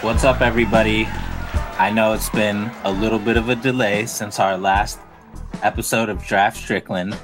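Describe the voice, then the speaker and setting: A man with a New York accent hosting a casual podcast, relaxed and chatty, laughing easily with his guests. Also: fairly low pitch. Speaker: podcast host.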